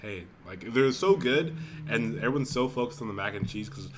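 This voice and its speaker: A man's voice: medium pitch, moderate pace, crowd noise. A young man hosting a podcast, chatting casually and telling stories full of swearing. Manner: profane, animated storytelling. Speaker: podcast host. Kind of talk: casual chat.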